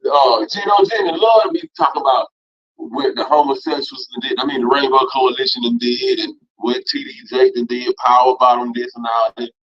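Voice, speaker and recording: A man preaching hard in a teaching class, repeating himself, cursing, and swinging from loud outbursts down to low mutters. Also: normal speed. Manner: emphatic, repetitive, profane, swings from loud to low. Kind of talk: fiery preaching lecture. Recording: dull lo-fi recording.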